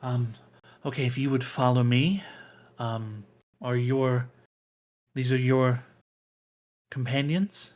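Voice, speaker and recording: A man's voice: mid-range voice, steady tone, takes it slowly, long pauses, darkish tone, natural voice. A man voicing a young, nervous female temple acolyte in a tabletop game, stammering and flustered. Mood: polite, flustered.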